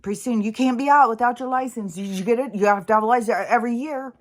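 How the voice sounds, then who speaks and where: A woman's voice: on the high side, fast talker. A woman vlogger in an exasperated, profane ranting monologue, swearing often and mocking other people's voices.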